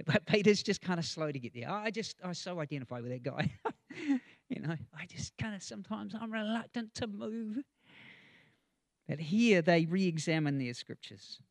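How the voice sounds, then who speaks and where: A male preacher gives a conversational sermon, slipping into chatty asides with chuckles and plenty of ums. His voice sits a little high for a man. The sound is dry and close. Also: no room sound.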